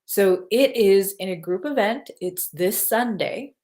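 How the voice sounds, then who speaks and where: A woman's voice: medium pitch, measured pace, darkish tone. A woman working as a psychic medium, chatting casually on a livestream and repeating her reminders.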